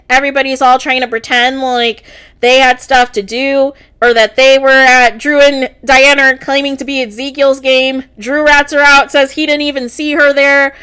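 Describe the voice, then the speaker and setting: High-pitched lady vlogger going over a tv episode, chatty and kinda exasperated. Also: a bit bright, clear, resonant tone. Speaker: TV reaction vlogger. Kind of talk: casual episode recap.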